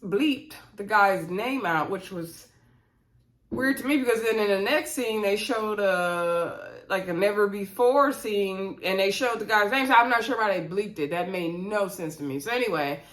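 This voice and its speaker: A woman talks through a reality TV episode in a loose, chatty way. She drops slangy asides and opinions as she goes. Her voice sits at an ordinary middle pitch. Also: moderate pace, a bit bright. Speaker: reality TV recap vlogger. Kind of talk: casual show recap.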